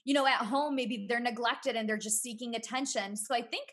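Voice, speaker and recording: A woman's voice: a little high, brisk. Earnest woman guest, former teacher. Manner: earnest, talks through ideas with frequent "you know" and soft laughs. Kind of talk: casual podcast conversation.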